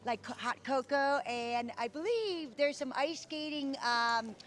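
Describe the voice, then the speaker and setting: Woman, high voice, friendly, loose, outdoor interview by a rink, faint noise behind. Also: lively intonation, a little slow. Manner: friendly, loose, uses fillers. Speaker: town events guest. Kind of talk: on-location interview.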